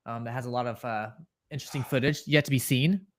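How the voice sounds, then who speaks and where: A man's voice: medium pitch, fast. Male co-host, casual live-call chatter, rambling and eager, home mic. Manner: rambling, excited, lots of fillers and coughs. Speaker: podcast co-host. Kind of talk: casual reaction discussion.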